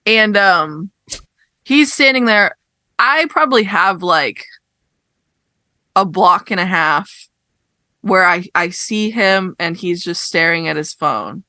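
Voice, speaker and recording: A young woman with a bright, forward voice tells a story in casual podcast chat. She rants with exasperated emphasis and swears freely. The sound is close and dry. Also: medium pitch, no echo. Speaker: podcast co-host.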